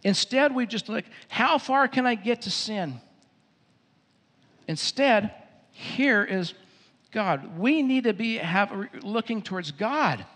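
High-voiced man preaching in a reverberant hall. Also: expressive, fairly bright tone. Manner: emphatic preaching with repeated phrases, drops low and quick for storytelling. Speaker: pastor. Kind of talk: sermon. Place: church venue.

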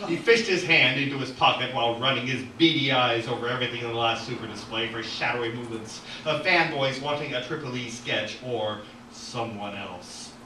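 A man reading from his own novel at an open mic in an art gallery, animated, with asides and self-corrections. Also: medium pitch, fairly quick, a little hiss or hum. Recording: echoey gallery from far off.

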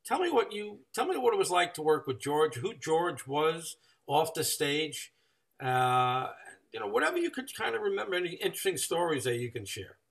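Host guy asking stuff, lots of uh's, gravelly bouncy voice, sounds far from the mic. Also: a little high, sing-song. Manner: halting, filler-heavy questioning. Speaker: podcast host. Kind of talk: interview questions.

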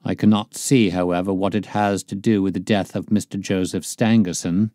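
Give me a man doing a matter-of-fact police inspector in a low, dry voice. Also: steady tone, normal speed, mellow, no room sound, lightly acted. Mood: defensive. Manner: plain, matter-of-fact reporting.

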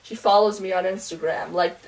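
A woman vlogging a casual book review, gushing and rambling like an excited fangirl. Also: medium pitch, fairly quick, distant mic.

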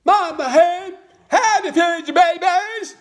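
A dad squeaking as a naive mother frog. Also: slow. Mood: eager, asking. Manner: squeaky, excited, overly polite. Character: wide-mouthed mother frog, eager and naive.

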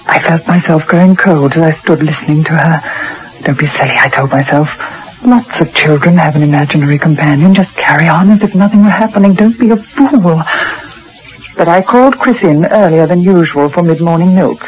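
A woman's voice: sits low, a little fast, slight background noise, lightly acted. A woman playing an anxious young mother who narrates her fears in a dated radio drama, speaking nervously and hesitantly. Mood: uneasy. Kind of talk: 1950s radio drama acting. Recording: dull old radio recording.

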